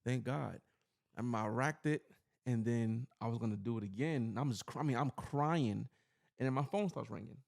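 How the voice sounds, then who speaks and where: A podcast host from New York City tells his own story in a loose, rambling way. His mid-pitched voice has a gravelly, creaky edge. He sounds earnest and keeps filling gaps with "you know.". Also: brisk, darkish tone. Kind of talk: personal storytelling in casual chat.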